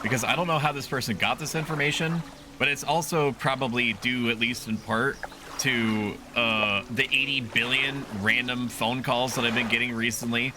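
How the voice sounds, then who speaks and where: A man's voice: mid-range voice, fairly even intonation, moderate pace, noisy background. A man streaming a game, chatting casually with viewers in a rambling way and swearing freely. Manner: rambling and profane, talks to chat. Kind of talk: casual gameplay commentary. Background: game music.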